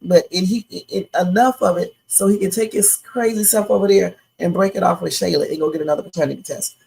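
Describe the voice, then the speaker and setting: Woman, reaction streamer, casual commentary, outspoken, vocal fry. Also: on the low side, fairly quick, darkish tone, rough recording. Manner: chatty, opinionated, talks to viewers as y'all.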